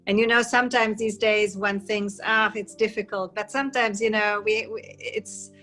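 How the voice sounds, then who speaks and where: Halting woman thanking a speaker. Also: mid-range voice, steady tone, a bit bright, soft background music. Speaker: meeting participant. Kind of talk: casual remarks on a call.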